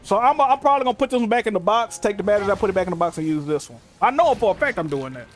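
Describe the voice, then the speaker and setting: A young man streaming from his room, telling stories in casual, profane, animated chat. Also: sits high, rapid-fire, faint music behind. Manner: animated, profane storytelling with frequent laughs. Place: home room.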